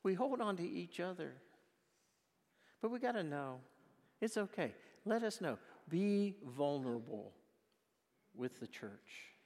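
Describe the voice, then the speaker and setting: Impassioned pastor preaching in a reverberant hall. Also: male voice, high voice, very animated, a little slow, pauses often. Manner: impassioned storytelling, closing in quiet prayer. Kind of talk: sermon. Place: church.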